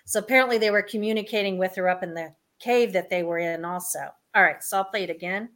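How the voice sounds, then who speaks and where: A woman's voice: mid-range voice, fairly even intonation, a little fast, fairly bright tone. A woman guest on a talk show telling her experiences in a rambling, casual way with many fillers.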